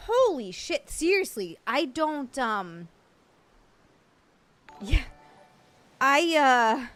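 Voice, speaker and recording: High-voiced, unhurried woman streamer. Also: sing-song, fairly bright tone, faint music behind. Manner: overwhelmed, stammering, laughing and swearing. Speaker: livestream host. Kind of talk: casual live chat thanking viewers.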